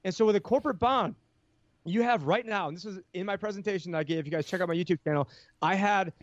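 A man's voice: high-pitched, fast, no echo, dull audio. A man talking as a podcast guest, explaining finance with heated energy and many restarts. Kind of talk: casual podcast chat.

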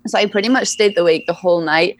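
Chatty woman with a low voice. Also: quick pace, no echo. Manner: chatty, laughs often, many fillers. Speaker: guest, EFT practitioner. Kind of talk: casual interview talk.

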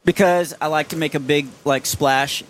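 A man with a fairly high voice, chatting playfully and poking fun at himself. His talk is loose and easygoing. Faint noise runs behind him. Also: fairly even intonation, normal speed, fairly bright tone. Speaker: podcast co-host. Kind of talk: casual chat.

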